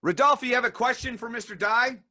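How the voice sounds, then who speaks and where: A male host on a video call, friendly, moving briskly from one guest to the next. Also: very high voice, pushed and bright, no echo, clean studio sound. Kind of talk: hosting a video call event.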